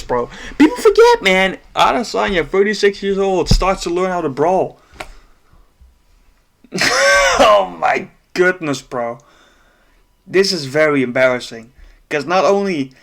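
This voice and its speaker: A man's voice: on the high side, a bit bright. A man breaking down a fight in a casual, profane rant, exasperated and laughing at times. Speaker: MMA commentator.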